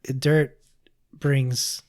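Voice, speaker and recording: A man co-hosting a podcast, talking in a hushed, mock-serene way and urging the others to keep quiet. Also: mid-range voice, level tone, very slow. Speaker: podcast co-host. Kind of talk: casual banter.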